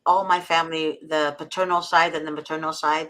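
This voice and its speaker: Earnest woman with a bright voice. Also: sits low, little pitch movement, rough recording. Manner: earnest, heartfelt, slow and deliberate when reading. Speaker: guest. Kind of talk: personal storytelling and prayer reading.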